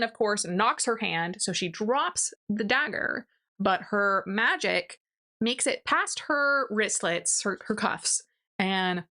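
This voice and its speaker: A woman's voice: mid-range voice, sharp tone. A young woman recapping and ranting about a novel in a casual, exasperated, sarcastic way, full of fillers. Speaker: book reviewer. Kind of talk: ranting book review recap.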